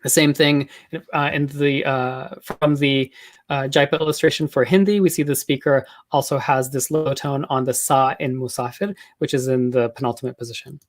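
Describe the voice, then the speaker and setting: A man's voice: mid-range voice, steady tone, moderate pace. Casual male linguistics lecturer. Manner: casual, explanatory, with frequent filler words and restarts. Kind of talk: academic talk.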